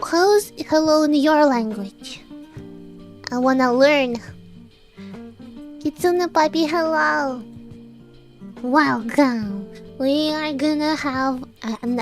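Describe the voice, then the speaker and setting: A woman with a high, light voice chats casually with her stream, laughing easily and greeting viewers one at a time. She speaks very slowly, drawing out her words, while quiet music plays underneath. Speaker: VTuber streamer. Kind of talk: casual livestream chat.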